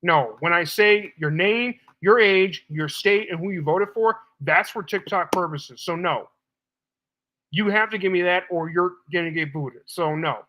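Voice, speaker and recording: A man's voice: sits high, a little slow, bright, forceful tone, rough recording. A man hosting a live stream debate, talking bluntly and assertively to callers, casually calling them baby.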